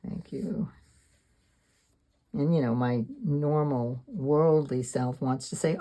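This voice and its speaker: A woman's voice: rumbling low, slow pace, long pauses, warm tone. A woman in her seventies talking candidly and rambling a little as she paints in her sketchbook. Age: 70s. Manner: rambling, candid, self-deprecating. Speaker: sketchbook artist. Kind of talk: casual reflective talk while painting.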